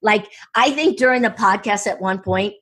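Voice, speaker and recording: A woman speaking coach telling stories in an interview, excitable and full of quick restarts and asides. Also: medium pitch, husky. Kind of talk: enthusiastic interview storytelling.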